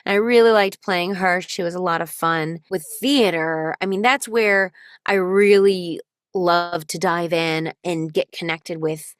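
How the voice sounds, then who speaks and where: A woman voice actor speaking as an interview guest, telling stories in an animated, thoughtful way. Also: lowish voice, unhurried, clear, resonant tone, no echo, studio quality. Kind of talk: casual interview chat.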